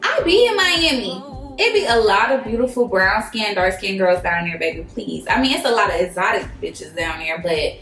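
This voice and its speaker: A young woman vlogger, telling a dating story in an animated storytime style, swearing freely and acting out quotes. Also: mid-range voice, moderate pace. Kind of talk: storytime vlog. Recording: echoey room, faint music.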